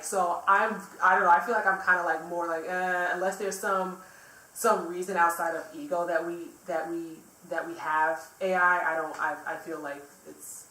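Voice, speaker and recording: A woman with a low voice talks casually, circling back on herself with lots of fillers and false starts. She sits at a distance from the mic, so the sound comes across roomy and echoey, with faint noise underneath. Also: pushed and bright. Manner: rambling, many fillers and restarts. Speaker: vlogger reviewing a film. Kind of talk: casual chat.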